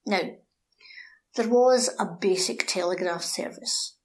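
A woman telling a local story in a lively, animated way, acting out the characters. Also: medium pitch, slow pace. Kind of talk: anecdotal storytelling.

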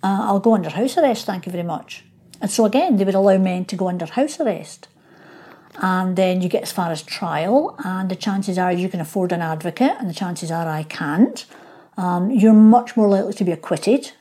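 Mellow-voiced woman historian. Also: on the low side, animated, normal speed. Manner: explanatory, acts out quoted voices. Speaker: local historian guest. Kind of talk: interview.

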